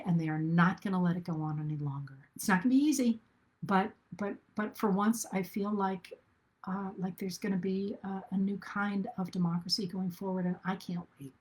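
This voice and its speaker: A woman's voice: on the low side, darkish tone. A middle-aged woman hosting a live video talk to her viewers, earnest and thinking aloud, with restarts and fillers. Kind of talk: casual live-stream talk.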